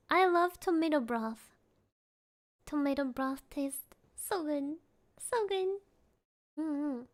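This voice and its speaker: High-voiced giggly streamer woman. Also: a bit bright. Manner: giggly and playful, reading and answering chat. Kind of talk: casual livestream chat.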